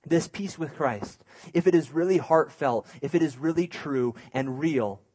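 A man preaching through a lively personal story, self-mocking and animated, with hushed asides. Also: a little high, measured pace, husky. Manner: drops to a hushed voice for inner thoughts.

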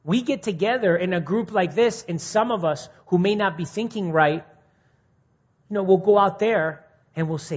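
A man giving an informal, earnest sermon to a men's group, swinging from quiet reflection to pointed, animated emphasis. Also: moderate pace, husky. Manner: earnest, rising to indignant mimicry, then dropping quiet. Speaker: speaker at a men's ministry meeting. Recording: muffled low-fidelity recording.

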